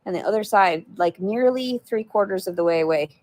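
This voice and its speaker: A woman's voice: mid-range voice, a little fast, darkish tone, no echo. A woman chatting on a livestream, answering viewers in a blunt, profane, rambling way. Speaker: livestreamer reading chat. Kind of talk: casual livestream chat.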